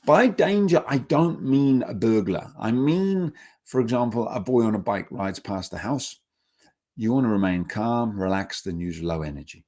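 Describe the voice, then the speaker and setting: A man with a somewhat low voice teaches a dog-training seminar. He talks emphatically and lively, and he acts out little everyday scenes to make his points. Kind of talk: seminar talk.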